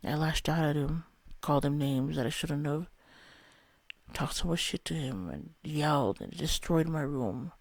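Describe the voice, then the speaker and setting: A man's voice: fairly high pitch, unhurried, vocal fry, dry recording. A young man telling a candid, rambling personal story about a spiritual experience, swearing often. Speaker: vlogger.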